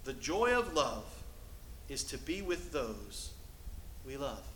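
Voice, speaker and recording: A male pastor preaching a sermon from the pulpit, shifting between loud, emphatic lines and hushed, soft passages. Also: mid-range voice, sing-song, slow pace, echoey room, a little hiss or hum, poor audio. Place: church sanctuary.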